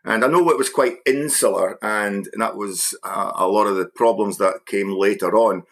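A man with a fairly low voice chats casually as a guest. He reminisces in a halting, stop-start way, often repeating himself before the thought comes out. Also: a bit bright. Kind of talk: casual conversation.

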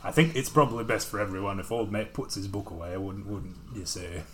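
A man playing a smooth-talking adventurer. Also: lowish voice, a little fast, a bit bright, natural voice. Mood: wheedling.

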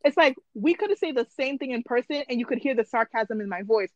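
Higher-voiced woman podcasting, slangy and chatty, dull dry mic sound. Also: fast, no echo. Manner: slangy, animated, talks through long points. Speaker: podcast co-host. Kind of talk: casual chat.

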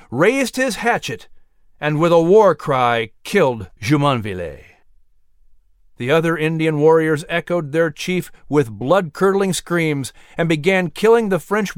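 A man narrating a historical storybook tale in a measured, dramatic scripted reading. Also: a little high, no room sound, clean studio sound.

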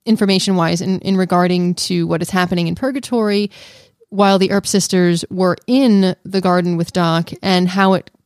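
A woman co-hosting a fan podcast in casual chat, animated and playfully defensive. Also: lowish voice, moderate pace, no room sound, clean studio sound. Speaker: podcast co-host.

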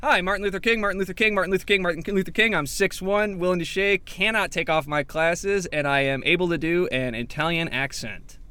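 A man doing improv comedy, animated and often laughing as he slates for an audition. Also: high voice, fast, few pauses, clean tone. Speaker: auditioning actor in improv sketch.

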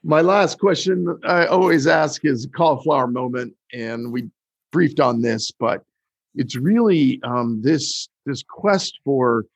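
A man hosting a conversational interview, asking questions in a loose, halting way with restarts. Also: medium pitch, animated, gravelly, husky, no room sound. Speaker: podcast host.

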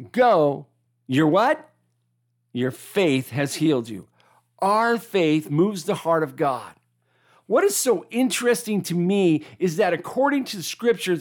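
Preacher, sermon, call-and-response, lively swinging pitch, middle-pitched voice. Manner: animated, calls the audience to repeat lines.

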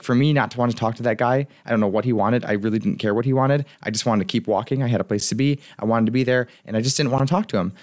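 A man's voice: mid-range voice, darkish tone, no echo, clean studio sound. A man speaking as a life coach in a frank, chatty motivational monologue, telling stories from his own life.

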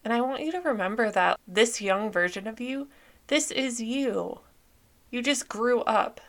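A woman hosting a podcast, talking gently and soothingly through a guided reflection with soft pauses and casual fillers. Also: fairly high pitch. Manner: conversational with fillers like "like". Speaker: podcast host.

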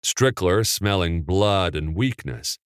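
A man narrating a novel in a measured, unhurried storytelling manner. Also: deep voice, animated, clear, resonant tone, no room sound, clean studio sound. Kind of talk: audiobook narration.

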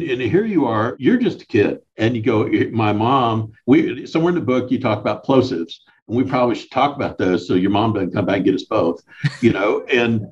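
A man's voice: medium pitch, darkish tone. Man, podcast host, chatty, rambling, dull lo-fi audio. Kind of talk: podcast interview.

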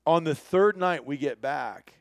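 A man's voice: a little high, unhurried, gravelly, dry recording, studio quality. A man telling a hunting trip story in casual chat, acting out the people he quotes. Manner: animated storyteller, acts out quoted voices.

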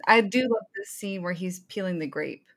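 A woman co-hosting a casual movie podcast, teasing and animated. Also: medium pitch, normal speed. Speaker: podcast co-host. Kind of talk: casual chat.

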